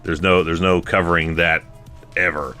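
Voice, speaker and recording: A man's voice: sits low, flat delivery, moderate pace, pushed and bright, soft background music. A man in his forties co-hosting a film podcast, chatting casually and rambling with frequent restarts. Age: 40s. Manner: rambling, restarts, laughs often. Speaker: podcast co-host.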